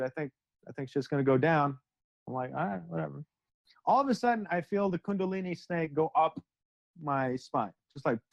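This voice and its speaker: A man's voice: fairly high pitch, dry recording. A young man casually recounting a spiritual experience in slangy, profane speech, acting out quoted dialogue. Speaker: satsang speaker. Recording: dry, dull lo-fi sound.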